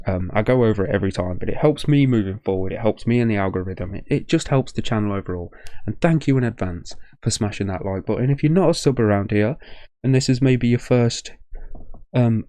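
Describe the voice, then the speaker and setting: A man's voice: lowish voice, dark tone, no room sound. Tired, rambling man. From Leicester, English Midlands. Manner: rambling, effusive, full of thank-yous and restarts. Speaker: music reaction channel host. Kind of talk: casual reaction-video chat.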